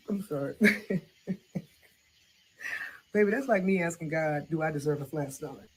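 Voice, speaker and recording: A woman's voice: low-pitched, lively intonation, fairly quick, darkish tone, husky, low-quality recording. A blunt, preachy middle-aged woman hands out sassy advice in a comedy sketch, as a woman plays her. She talks about faith and forgiveness with plenty of laughing asides. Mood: teasing.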